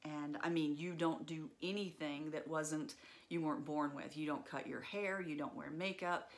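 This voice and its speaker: Woman, low voice, personal storytelling, earnest, reflective, frequent fillers. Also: steady tone, normal speed.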